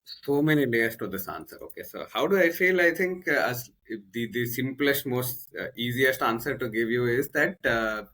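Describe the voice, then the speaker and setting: A man with an Indian English accent tells a personal story on a podcast. His voice is bright and forward in tone. He rambles and backtracks, with plenty of fillers and restarts. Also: medium pitch, lively intonation, normal speed. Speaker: podcast guest, coach. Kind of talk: casual conversational storytelling.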